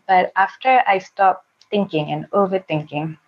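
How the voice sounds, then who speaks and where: A Singaporean woman appears as a guest on a podcast, where she is a sex blogger sharing frank personal stories in a casual way and acting out her own quotes. Her voice sits low and sounds gravelly at a moderate pace, and the audio is dull.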